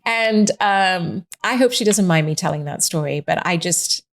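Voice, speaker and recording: With a deep, gravelly voice and a slightly fast pace, a woman guesting on a podcast chats casually and spins stories. She brings them to life by performing the voices of anyone she quotes.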